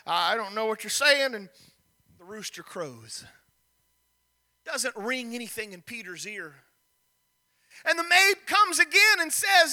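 A man preaching a sermon, retelling a story with animated delivery and acting out the characters' lines. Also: extremely high pitch. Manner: animated, acts out the characters' lines, repeats words.

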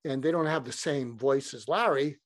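A man's voice: mid-range voice, moderate pace, dry recording. A man telling stories as a podcast guest, meandering and restarting his sentences. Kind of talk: casual rambling storytelling.

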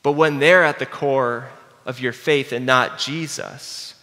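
A man preaching a sermon earnestly, dropping low and quiet to stress his key points. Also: steady tone, slow. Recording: long hall reverb.

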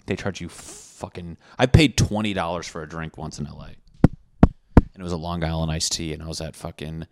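A man's voice: very deep voice, fairly even intonation, brisk, heavy background noise. A young man from Connecticut hosting a podcast, telling rambling, crude stories full of swearing in a casual monologue. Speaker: podcast host.

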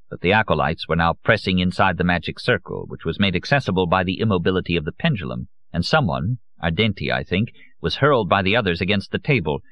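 A man reading a novel aloud as an audiobook narrator, in a measured, grave manner. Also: sits low, dry recording, highs cut off.

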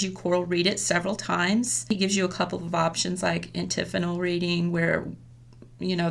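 A woman's voice: lowish voice, creaky, fairly bright tone. A woman elementary school teacher explaining a classroom method in a friendly, chatty way with frequent laughs. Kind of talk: casual professional chat.

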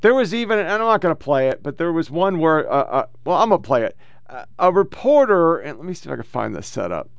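Man, podcast host, heated profane rant, smooth clear voice, dry close sound. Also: on the high side, sing-song, quick pace, no room sound, lo-fi sound. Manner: profane, heated, reads posts aloud. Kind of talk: ranting political commentary.

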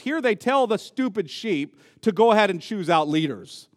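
A man's voice: high-pitched, animated, normal speed. A man preaching a sermon as pastor, emphatic and repeating key words for stress. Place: church sanctuary. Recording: long reverb of a church hall.

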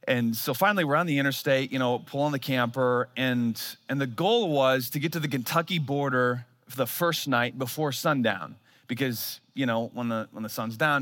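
Bright, animated man preaching a sermon. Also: mid-range voice, no echo, studio quality. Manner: animated storytelling with self-mocking humor. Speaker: pastor.

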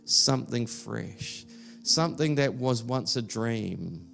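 A man's voice: medium pitch, animated, slow pace, vocal fry, fairly bright tone, soft background music. A man preaching an Easter sermon in a church service, talking in a loose, conversational way with many fillers and restarts. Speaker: pastor.

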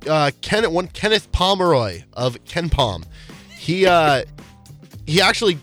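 Male sports talk co-host, slightly high voice, animated delivery, faint music underneath. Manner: animated, quick bursts of stats and opinions.

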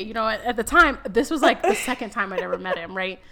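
A woman's voice: medium pitch, fast, pushed and bright. A woman co-hosting a casual podcast, telling stories candidly with lots of laughter and cursing. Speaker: podcast co-host. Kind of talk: casual chat.

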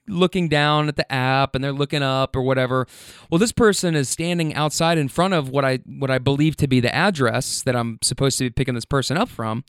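Rideshare driver guy telling stories, kinda high voice, smooth, dry close sound. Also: no echo. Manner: animated, swears freely, many fillers. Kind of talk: casual storytelling.

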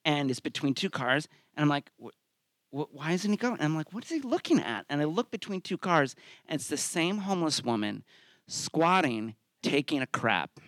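A man's voice: on the high side, animated, normal speed, a bit bright, no echo. A man hosting a live story slam, telling a comic personal story and acting out the quotes in it with big swings of his voice. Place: theater stage.

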